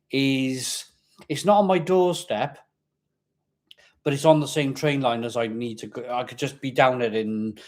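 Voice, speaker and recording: A man from Barry in Wales with a Welsh accent, chatting casually as host of a live stream, rambling and repeating himself, with a slight growl at the back of his voice. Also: medium pitch. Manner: chatty, rambling, reads viewer comments aloud, repeats himself.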